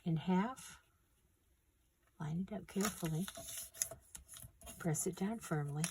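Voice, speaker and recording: Woman, lowish voice, unhurried craft tutorial, gentle instructions, faint background hiss. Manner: gentle, unhurried instructions while working with hands. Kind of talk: step-by-step craft demonstration.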